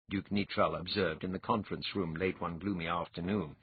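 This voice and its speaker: A man narrating an audiobook in a lively, varied way. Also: sits low, a little fast, hardly any pauses, husky. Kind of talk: scripted narration. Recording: dull lo-fi audiobook recording.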